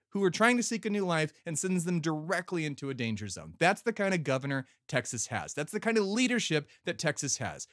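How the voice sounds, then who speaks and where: A man's voice: fairly high pitch, very animated, a little fast, few pauses, fairly bright tone, no room sound, studio quality. A man sending in an angry, profane rant, stumbling over his words as he vents.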